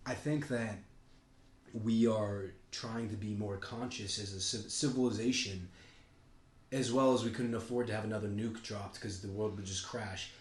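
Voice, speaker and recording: A lowish male voice at normal speed, with fairly even intonation, belongs to a podcast co-host in casual conversation. He meanders with lots of cursing and sudden topic jumps. Expect a roomy echo plus a slight hiss or hum.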